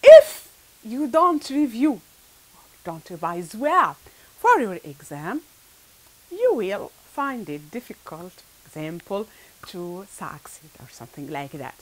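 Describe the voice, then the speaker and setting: A woman's voice: fairly low pitch, very animated, takes it slowly, a bit bright, rough recording. A woman teaching an English grammar lesson to her pupils. She stresses key words, repeats them, and checks in often with "all right" and "okay.".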